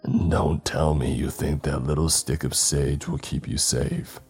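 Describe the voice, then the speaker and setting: A man voicing a pale, ancient female graveyard spirit with a raspy, sneering, slow and menacing delivery over faint music. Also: very deep voice, fairly even intonation, full character voice.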